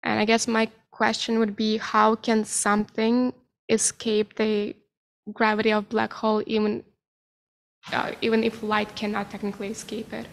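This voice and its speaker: Creaky-voiced woman asking a question. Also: medium pitch, monotone, moderate pace. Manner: casual, hesitant with many "like"s. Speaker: audience member asking a question. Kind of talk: question from the audience. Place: lecture hall.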